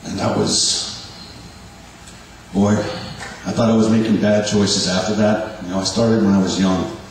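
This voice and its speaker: A man's voice: lowish voice, flat delivery. Nervous man testifying in an echoey hall. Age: 40s. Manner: nervous, halting, self-deprecating. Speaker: guest giving a testimony. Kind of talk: personal testimony to a congregation. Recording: echoey hall from far off, faint hum.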